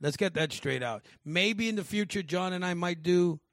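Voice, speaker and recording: Man, high pitch, casual podcast chat, swears freely, dry recording. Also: moderate pace, fairly bright tone, no echo. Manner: loose, swearing, laughing often. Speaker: podcast co-host.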